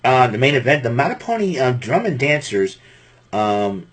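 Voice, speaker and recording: A man's voice: mid-range voice, normal speed, breathy edge. A man from Massachusetts hosting a show and recapping a wrestling event in a casual, rambling way, often laughing. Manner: animated, laughing, rambling with restarts. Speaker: podcast host.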